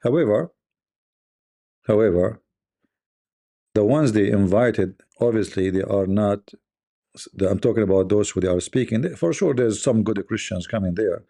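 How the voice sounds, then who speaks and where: Scornful gravelly-voiced male commentator. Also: on the low side, normal speed, long pauses, mellow. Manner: scornful, rhetorical questions, repeats himself. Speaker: online commentator. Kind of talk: casual live-stream commentary.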